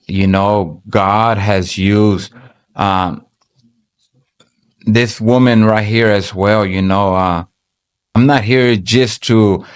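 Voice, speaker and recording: A man giving an earnest, halting personal faith testimony as a church member, often restarting his sentences. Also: on the low side, clean tone.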